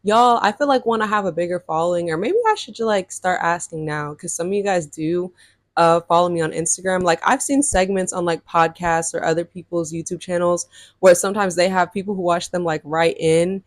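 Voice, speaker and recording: With a voice on the low side and a brisk pace, a young vlogger in her 20s chats through a storytime for her viewers. Her retelling is animated and full of fillers, and the studio-quality sound has no echo.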